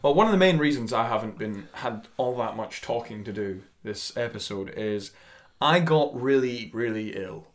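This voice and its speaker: A man co-hosting a podcast, telling a story in a relaxed, halting way with many fillers. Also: mid-range voice. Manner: relaxed, hesitant, filler-heavy. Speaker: podcast co-host. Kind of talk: casual chat.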